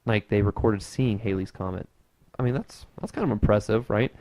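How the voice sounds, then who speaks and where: A man's voice: fairly low pitch, moderate pace, a little mellow. A young man co-hosting a casual podcast, rambling loosely with lots of fillers and easy laughs. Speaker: podcast co-host.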